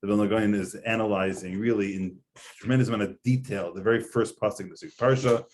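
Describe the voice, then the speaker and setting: A man's voice: on the low side, steady tone, quick pace, darkish tone, slight background noise. A man, a rabbi, giving a conversational Torah lecture, explaining earnestly with frequent fillers. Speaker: rabbi teaching a class.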